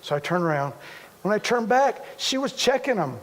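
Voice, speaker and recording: High-voiced pastor in a reverberant hall. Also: male voice, big pitch swings, normal speed, a bit bright. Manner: conversational, repetitive, self-deprecating humor. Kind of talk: sermon.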